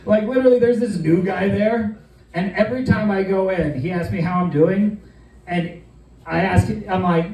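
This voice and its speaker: A man's voice: high voice, fairly even intonation, moderate pace, dark tone, echoey room, far from the mic, poor audio. A man telling a loose, profane comedic story, rambling along with plenty of fillers.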